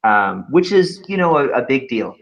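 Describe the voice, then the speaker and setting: A man's voice: medium pitch, normal speed, creaky. Man telling stories on a webinar. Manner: animated storytelling, laughs often. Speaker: webinar co-host, author. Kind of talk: casual webinar chat. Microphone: video call. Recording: slightly dull lo-fi sound.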